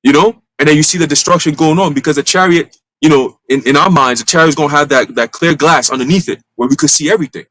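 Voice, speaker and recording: A man preaching an informal church sermon, casual and animated, with street slang and frequent restarts. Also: a little high, fast talker, low-quality recording. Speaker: church teacher. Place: church gathering.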